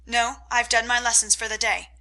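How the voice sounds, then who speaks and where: A woman's voice: fairly high pitch, level tone, normal speed, pushed and bright. A woman reading a breezy young neighbor lad. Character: lively teenage boy neighbor.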